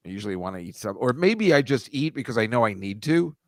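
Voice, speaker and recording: A man's voice: mid-range voice, very animated, quick pace, no room sound. A man co-hosting a podcast in casual chat, rambling and musing aloud and laughing easily. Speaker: podcast co-host.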